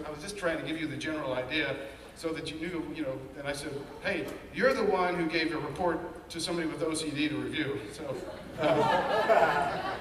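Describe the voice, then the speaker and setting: A man with a fairly high voice tells his own story with earnest candor, acting out the anxious voices in his head. He sounds set back from the mic. A long hall reverb and a faint room hum hang around every word. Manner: candid, earnest storytelling with quoted inner voices. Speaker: speaker sharing his story. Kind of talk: personal testimony talk. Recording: echoey hall, mic at a distance.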